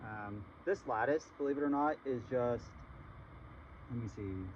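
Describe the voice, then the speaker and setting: A man's voice: medium pitch, unhurried, dull audio, a little hiss or hum. Laid-back man vlogging from his garden. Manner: relaxed, chatty, laughs easily, many ums. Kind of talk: casual how-to vlog. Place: outdoor garden in the morning.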